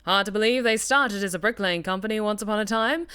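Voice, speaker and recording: A woman's voice: medium pitch, quick pace, pushed and bright, smooth, lightly acted. A woman voicing a 1940s male worker in a transatlantic accent, reading an old-timey audio log aloud. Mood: wry, weary.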